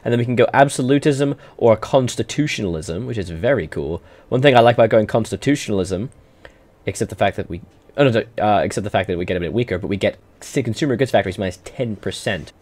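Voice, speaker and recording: Playful, chatty man, low-voiced. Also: expressive, fast talker, darkish tone. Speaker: gaming YouTuber. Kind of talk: casual game commentary.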